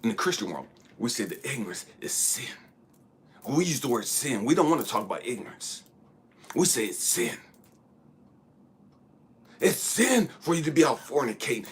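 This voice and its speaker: A man's voice: on the high side, very animated, normal speed, a little hiss or hum. A man giving a blunt, profane spiritual monologue, preaching hard and at times dropping into a whisper. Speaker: spiritual speaker.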